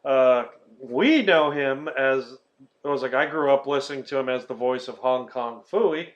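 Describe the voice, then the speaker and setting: A man's voice: mid-range voice, unhurried. Rambling, swearing man on a lo-fi podcast. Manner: rambling, swears, laughs often, many fillers. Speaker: podcast host. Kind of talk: casual movie-review chat. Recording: dull lo-fi podcast audio.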